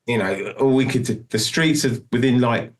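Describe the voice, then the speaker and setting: This guest musician is a middle-aged man speaking at a normal speed in a mid-range voice. Over a casual interview he spins out a long story, wandering and starting over again and again, dropping in plenty of "do you know what I mean."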